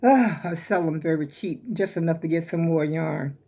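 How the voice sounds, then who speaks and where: Showing her crochet to viewers at home, an older woman talks to camera in a relaxed, rambling, folksy manner, slightly breathless. She speaks at a normal speed in a low, warm voice.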